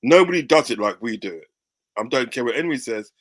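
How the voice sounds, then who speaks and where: A man's voice: medium pitch, animated, fast. A man in casual football chat, enthusiastic and often asking "do you know what I mean".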